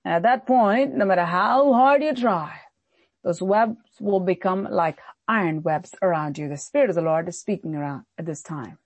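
A woman's voice: lowish voice, moderate pace, no echo. A woman pastor preaching a sermon, emphatic and repetitive in her exhortations.

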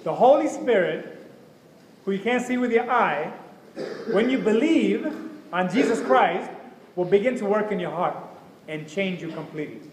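A man's voice: high voice, lively intonation, moderate pace, pauses often, slight background noise. A man preaching a sermon with fervor, acting out prayers and the voices of others as he speaks. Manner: fervent, acts out prayers and voices. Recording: echoey hall with faint ambience.

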